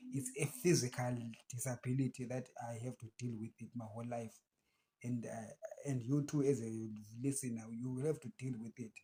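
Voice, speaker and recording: A man with a Zimbabwean accent who stammers, giving emphatic casual commentary to his channel's viewers. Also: mid-range voice. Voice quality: stammers, with blocks and restarts. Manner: emphatic, rising to animated outbursts. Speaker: channel host.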